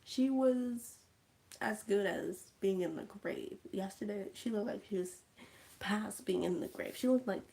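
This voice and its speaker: Chatty woman narrating a film recap slowly, medium pitch, acting out the scenes. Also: gravelly. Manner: animated, chatty, acts out scenes, drops to whispers. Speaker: vlogger recapping a movie. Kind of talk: casual storytelling livestream.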